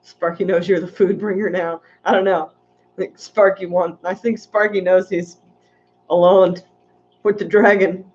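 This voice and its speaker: A woman's voice: fairly low pitch, fairly even intonation, measured pace, darkish tone, highs cut off. A woman hosting a casual livestream, chatting in a rambling way and reading viewer comments aloud. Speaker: aquarium channel host.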